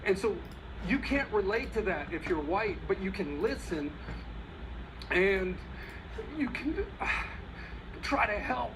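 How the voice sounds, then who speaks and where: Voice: medium pitch, big pitch swings, slow, long pauses. Emotional tv speech guy, earnest, keeps repeating himself, noisy clip.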